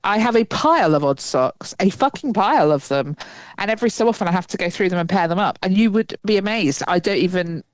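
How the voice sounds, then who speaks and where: A woman's voice: medium pitch, lively intonation, fairly quick, no room sound. A woman co-hosting a podcast, chatting casually in a laid-back, wry way and swearing offhandedly. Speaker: podcast co-host. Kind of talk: casual chat.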